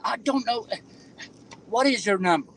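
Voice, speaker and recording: High-voiced frustrated man on the street. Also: fairly bright tone, a little hiss or hum, rough recording. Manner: frustrated, halting, swearing. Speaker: homeless man interviewed on the street. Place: outdoors on a street.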